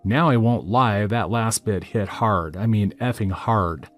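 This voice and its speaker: Low-voiced man reading a story. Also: takes it slowly, soft background music. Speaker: story narrator. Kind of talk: scripted narration of a first-person story.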